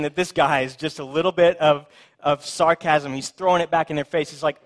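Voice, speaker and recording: Male pastor, slightly high voice, lively sermon with sarcastic asides. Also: a little fast. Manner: animated, acts out the voices in the story with sarcastic emphasis; conversational, self-described as a bit of a smart aleck.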